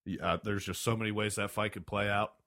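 A man's voice: fairly low pitch, flat delivery, a little fast, pushed and bright. A man co-hosting a sports podcast in casual chat, mostly agreeing with his partner in short replies. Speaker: podcast co-host.

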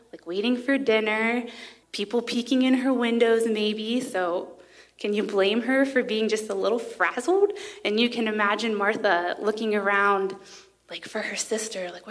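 A woman speaking at a women's conference, giving a sermon in a conversational tone with frequent filler words. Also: mid-range voice. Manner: reads scripture passages aloud.

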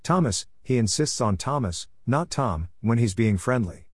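A man's voice: medium pitch, lively intonation, moderate pace, breathy edge, no echo, clean studio sound. A man voicing a wary police sergeant. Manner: explaining, wary. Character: wary middle-aged male police sergeant.

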